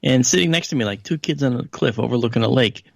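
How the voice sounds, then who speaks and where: A man with a gravelly, fry-tinged voice tells a story as a radio guest, lifting his pitch whenever he quotes someone else. The sound is dry and close, with no room around it. He talks casually and drifts into fillers and asides. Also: quick pace, no room sound. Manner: conversational with frequent fillers and asides. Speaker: guest analyst. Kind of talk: anecdotal storytelling in a radio interview.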